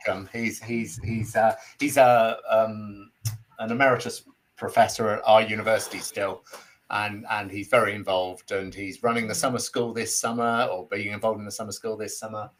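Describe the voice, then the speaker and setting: A man, a professor, answering as a podcast guest in a halting way with many repeated restarts. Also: lowish voice, level tone, slight background noise, low-quality recording. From United Kingdom. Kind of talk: podcast interview.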